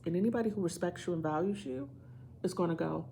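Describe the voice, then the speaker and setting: A woman's voice: on the low side, quick pace, warm tone, slight background noise. A woman doing a tarot reading, speaking emphatically and repeating phrases to drive her points home. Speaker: tarot reader.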